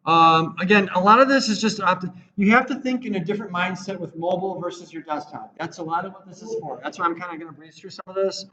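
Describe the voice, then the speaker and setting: A man teaches a web design class, rambling through asides and acting out quoted lines. His voice sits high for a man. The recording is roomy and a little muffled. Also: fast, hardly any pauses, bright, forceful tone. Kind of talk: classroom lecture.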